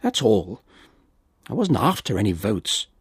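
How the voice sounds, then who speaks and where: A man voicing an earnest, kindly male head of state in a story reading, a touch higher than his narration. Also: very animated, measured pace, breathy edge, no echo, studio quality, heavily acted.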